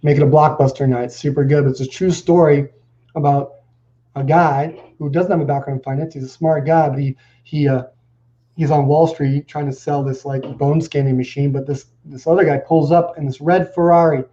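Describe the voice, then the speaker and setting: A man speaking as an interview guest, loose and casual, telling stories with "like" scattered through every sentence. His voice is dark and mellow, and the audio sounds dull and lo-fi. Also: a little high, fairly even intonation, normal speed. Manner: casual, filler "like" everywhere, storytelling. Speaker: guest, company CEO.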